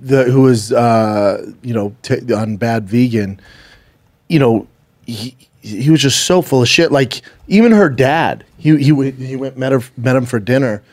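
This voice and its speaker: A man co-hosting a podcast in casual chat, animated as he quotes people in put-on voices. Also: mid-range voice, unhurried. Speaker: podcast co-host.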